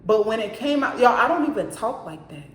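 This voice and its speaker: A woman's voice: on the high side, very animated, fairly quick, a little hiss or hum. A woman telling a story from her own apartment in a casual storytime, talking emphatically and calling out to her viewers again and again. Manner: emphatic, keeps addressing viewers directly. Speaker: storyteller vlogger. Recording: echoey room.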